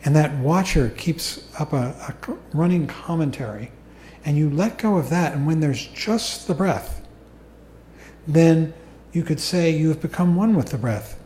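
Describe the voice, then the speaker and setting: A man gives a slow, calm meditation talk to a group, explaining patiently. His voice is warm and mellow, sitting a little high. The sound is roomy and echoey. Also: a little hiss or hum. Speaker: meditation teacher. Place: meditation hall. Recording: echoey room recording.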